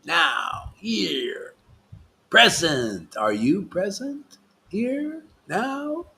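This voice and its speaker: A man giving a devotional sermon as a spiritual master, scolding and emphatic, swinging from loud declarations to hushed asides. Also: high voice, very animated, very slow, creaky.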